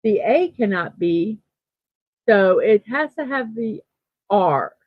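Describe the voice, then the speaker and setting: A woman's voice: medium pitch, sing-song, slow, dry recording. A woman hosting a daily morning livestream, chatting casually and reading out viewer comments, upbeat and full of fillers. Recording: tinny phone-like sound, dry.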